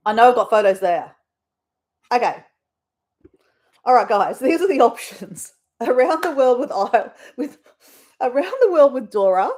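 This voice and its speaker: A woman's voice: a little high, sing-song, moderate pace, pauses often, darkish tone. An Australian woman hosting a casual live stream, chatting in a rambling way with her viewers. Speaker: livestream host.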